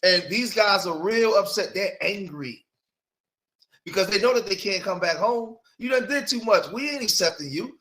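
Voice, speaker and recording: Male host, high bright voice, calm commentary. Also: moderate pace.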